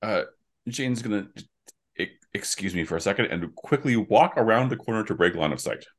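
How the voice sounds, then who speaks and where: A man playing a tabletop role-playing game, describing his character's moves in halting, stumbling speech. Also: fairly low pitch, lively intonation. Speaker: player.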